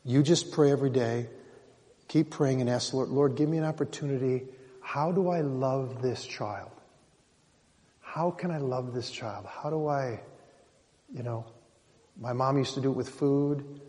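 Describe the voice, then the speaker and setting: A man's voice: mid-range voice, a little mellow, big-room sound. An older man leading a faith gathering, speaking in an earnest, encouraging, folksy way. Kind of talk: informal faith talk.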